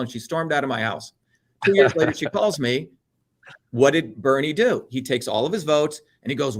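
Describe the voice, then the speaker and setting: In a heated political interview, a middle-aged man from India talks as the guest in a mid-range, animated voice that runs a little fast and sounds fairly bright. He's blunt, swears without holding back, and mimics other people.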